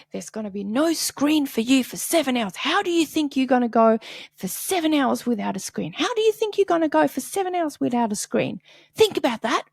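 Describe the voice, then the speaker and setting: Woman mimicking a shrill scolding mother. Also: vocal fry, a little mellow, dry recording, full character voice. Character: stressed mother scolding her whinging toddler.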